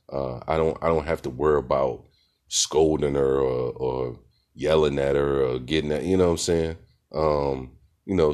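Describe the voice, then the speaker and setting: A middle-aged man with an exceptionally deep, low voice, telling a casual story. He speaks in a laid-back, rambling way, with frequent fillers and restarts. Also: darkish tone. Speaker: podcast host.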